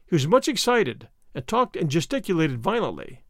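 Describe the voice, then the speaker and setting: Man reading a story aloud, animated pitch, dry close sound. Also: normal speed, creaky, dry recording. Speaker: narrator. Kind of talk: audiobook narration.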